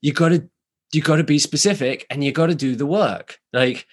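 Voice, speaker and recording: A British man, an actor, talking through ideas in a relaxed podcast chat, thoughtful and frank, circling back on himself as he goes. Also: fairly high pitch, normal speed, husky. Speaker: actor, guest. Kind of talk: casual podcast conversation. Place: New York.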